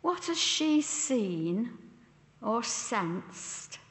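Slow, deliberate woman preacher in an echoey hall. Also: fairly high pitch, sing-song. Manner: slow, deliberate, posing questions to listeners. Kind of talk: sermon. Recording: echoey church hall with long reverb.

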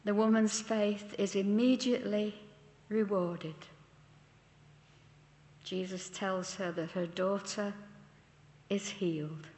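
A woman preaches in a measured, deliberate way, stopping to ask her listeners questions. She talks very slowly. Her voice rings through a roomy hall with a long reverb. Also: medium pitch, fairly even intonation, a little mellow. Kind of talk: sermon.

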